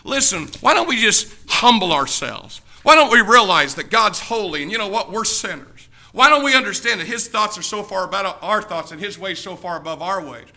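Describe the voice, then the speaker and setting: A male pastor preaching a fiery sermon, emphatic, swinging between shouted passages and hushed ones. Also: high-pitched, expressive, normal speed, hardly any pauses.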